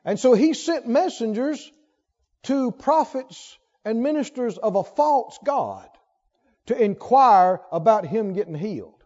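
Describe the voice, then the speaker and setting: High, lively preacher in a reverberant hall. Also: male voice, measured pace. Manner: asks the congregation rhetorical questions. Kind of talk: sermon. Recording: long hall reverb, dull lo-fi sound.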